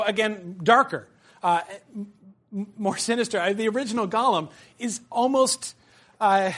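A middle-aged man teaching a literature class, his voice pitched high for a man. He talks loosely, with fillers and playful asides. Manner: animated, with fillers and acted asides. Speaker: lecturer. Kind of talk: classroom lecture.

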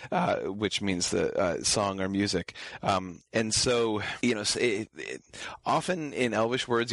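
A man's voice: lowish voice, fairly bright tone, no room sound. A man lecturing an online class and taking viewer questions, explaining patiently and often stopping with fillers and restarts. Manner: halting, many fillers and restarts.

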